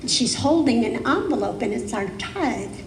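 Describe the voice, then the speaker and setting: A woman giving a sermon as guest speaker, with slow, deliberate, emphatic phrasing, recorded on a live stream in a spiritual center's sanctuary. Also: fairly high pitch, animated, a little hiss or hum. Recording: echoey hall, live stream.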